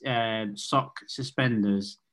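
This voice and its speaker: A man's voice: lowish voice, fairly even intonation, slow, fairly bright tone. Man painting a comic scene in detail. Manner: vivid, detailed describing with many "like"s. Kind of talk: casual comedic chat.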